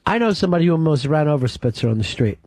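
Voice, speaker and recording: A man's voice: fairly high pitch, very animated, very fast, darkish tone, dry recording. A man hosting a talk radio show, telling stories and teasing guests in casual studio banter. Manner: wry storytelling, teasing. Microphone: studio mic.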